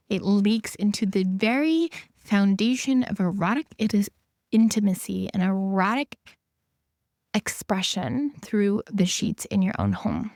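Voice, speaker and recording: A woman's voice: mid-range voice, darkish tone, dry recording, clean studio sound. A woman hosting a solo podcast as an intimacy coach, talking earnestly and repeating her key points for emphasis.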